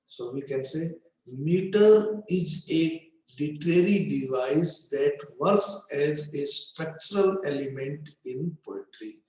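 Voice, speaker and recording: A man delivers a literature lecture at an unhurried pace, weighing each phrase and pausing often. His voice sits a little high for a man. The recording rings with heavy room echo. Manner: slow, deliberate, pausing between phrases. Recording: very echoey room.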